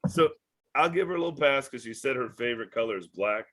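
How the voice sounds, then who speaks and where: A man's voice: medium pitch, expressive, quick pace, crowd noise. A man hosting a podcast, bantering casually in a profane, teasing, jokey way. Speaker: podcast host.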